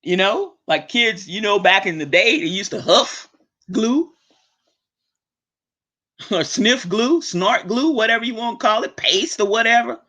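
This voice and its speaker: A woman hosting her own show, ranting bluntly and swearing freely, with sharp swings up and down in pitch. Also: expressive, measured pace. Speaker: host. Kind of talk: profane ranting monologue. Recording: dull lo-fi recording.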